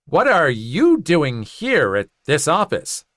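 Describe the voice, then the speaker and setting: A man voicing a snarky, condescending female high school teacher with a falsely sweet, sneering manner. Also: huge pitch swings, unhurried, a bit bright, exaggerated voice.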